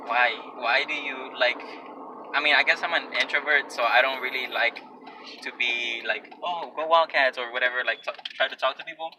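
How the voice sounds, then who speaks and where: Young male vlogger, mid-pitch, rambling and awkward, recorded from a distance in a car with loud road noise. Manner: rambling, self-conscious, often restarts. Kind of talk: casual vlog rant. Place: in a car while driving. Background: car and traffic noise.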